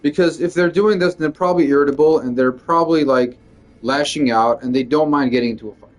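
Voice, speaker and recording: Rambling, profane comedian venting. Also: male voice, on the high side, fast talker, soft background music. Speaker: stand-up comedian. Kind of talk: casual venting monologue.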